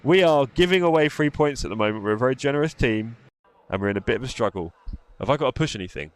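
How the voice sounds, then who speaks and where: This man's mid-range voice is expressive and fast as he sim races on a live stream from his home rig. Chatty and relaxed, he keeps reading out the chat while driving.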